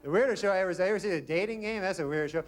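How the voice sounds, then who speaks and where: High-voiced deadpan young male comedian. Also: very noisy. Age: young adult. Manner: deadpan, rambling, drawn-out delivery. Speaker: stand-up comedian. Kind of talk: stand-up comedy set. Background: audience laughter.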